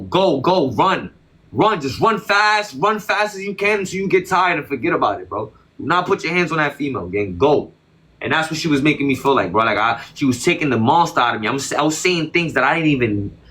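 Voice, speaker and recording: A man's voice: a little high, fairly bright tone. A man as an interview guest, talking in a casual, emphatic and slangy way, often repeating himself defensively.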